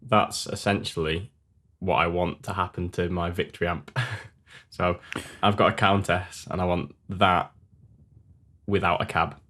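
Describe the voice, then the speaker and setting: A man's voice: sits low, level tone, a little slow, a bit bright. A man co-hosting a podcast, chatting eagerly about guitar gear and jumping in with answers. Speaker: podcast co-host.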